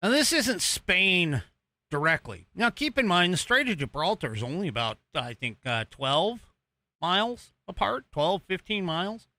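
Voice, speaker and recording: A man's voice: sits high, very animated, normal speed, bright, forceful tone, dry recording. An American man hosting a political podcast, rambling casually with many fillers and restarts while he talks over video footage he is playing. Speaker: podcast host.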